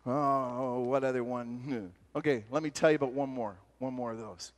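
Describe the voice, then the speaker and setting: A man giving a talk at a retreat, telling personal stories in a lively, self-deprecating way with frequent laughs. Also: medium pitch, moderate pace. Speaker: retreat speaker. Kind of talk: storytelling sermon talk. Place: large hall at a retreat. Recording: long hall reverb from a live talk.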